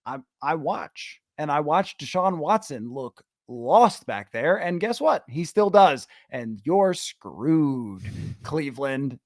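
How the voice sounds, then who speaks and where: Man, podcast host, fairly high voice, sarcastic animated rants, dry studio sound. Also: slow, no room sound. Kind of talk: casual sports chat.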